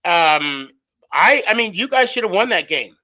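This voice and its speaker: A man's voice: high voice, animated, a little slow, pushed and bright. A man co-hosting a casual sports podcast, rambling with many fillers and restarts. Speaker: podcast co-host.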